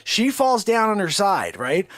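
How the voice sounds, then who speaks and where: A man doing a manic improvised comedy bit, hopping between silly voices. His voice sits high and swings wildly in pitch. It sounds dry and close. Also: huge pitch swings, unhurried, a bit bright, dry recording.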